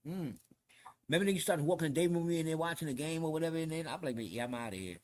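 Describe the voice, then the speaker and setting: A man's voice: a little high, racing. A man with a New York accent, hosting a podcast, telling a story in casual street slang with lots of swearing and acted-out quotes. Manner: animated, profane, street slang, acts out quotes. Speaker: podcast host.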